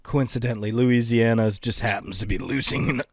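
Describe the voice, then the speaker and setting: A man's voice: medium pitch, fairly even intonation, a little fast, no echo, studio quality. A man co-hosting a podcast, rambling and laughing through casual banter. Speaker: podcast co-host.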